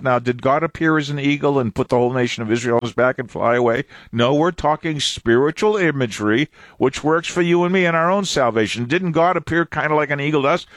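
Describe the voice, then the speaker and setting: A man's voice: on the high side, a bit bright, dry recording. A man preaching a sermon in a conversational way, firing off rhetorical questions and often restarting his sentences.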